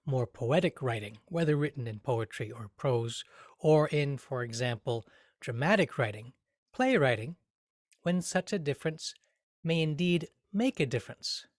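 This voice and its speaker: A man teaching a grammar lesson, speaking carefully and deliberately, sounding out words to show their rhythm. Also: medium pitch, lively intonation, no room sound, clean studio sound. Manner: slow, careful, deliberate delivery with spoken rhythm examples.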